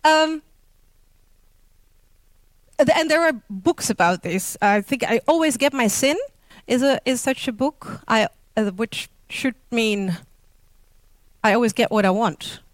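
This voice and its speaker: Woman, Dutch accent, non-native English, informal lecturer; slow, halting delivery full of fillers, dry close sound. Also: on the high side, animated, no echo. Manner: slow, hesitant, many fillers and self-corrections. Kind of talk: informal talk on linguistics.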